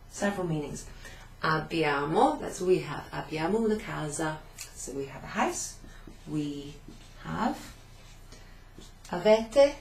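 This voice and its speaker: The woman reviewing this beginner Italian lesson has a low-pitched, creaky, slightly mellow voice and explains things patiently, repeating phrases. She turns away at times to write on the whiteboard of a classroom-like room that echoes over a faint hum.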